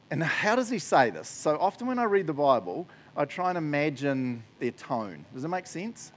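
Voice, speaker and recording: A man's voice: mid-range voice, big pitch swings, moderate pace. A man giving a casual, joking sermon, often laughing as he talks. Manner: chatty, jokey, laughs often. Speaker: preacher.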